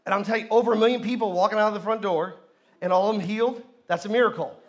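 A man's voice: high-pitched, rapid-fire. A male pastor preaching a sermon at a church service, leading the congregation in call and response.

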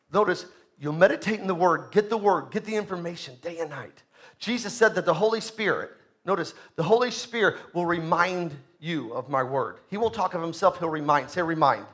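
Pastor guy with a high voice preaching hard, repeats lines, gets the room to answer back. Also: a bit bright. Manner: emphatic preaching, repeats phrases, calls for congregation response. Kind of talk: sermon.

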